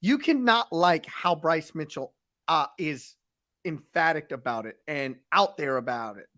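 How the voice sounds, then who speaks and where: A man's voice: on the high side, lively intonation, a little slow, pushed and bright. A man co-hosting a casual sports talk show who recaps events emphatically, like a storyteller. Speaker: co-host, sports commentator.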